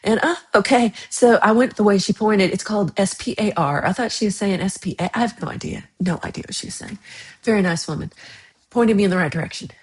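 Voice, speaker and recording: A woman's voice: medium pitch, quick pace. A woman hosting a livestream chat, casually rambling about her week with frequent laughs, sounding a little under the weather. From United States. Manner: chatty, rambling, laughs often. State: slightly unwell after a bad night. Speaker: livestream host. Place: home.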